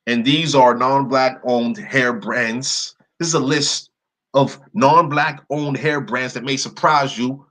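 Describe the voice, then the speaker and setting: A man hosting an online video, slowly reading long word lists off his screen and breaking in with blunt, indignant remarks. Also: mid-range voice, fairly even intonation, a bit bright. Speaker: video host. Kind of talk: screen-share commentary reading from a list.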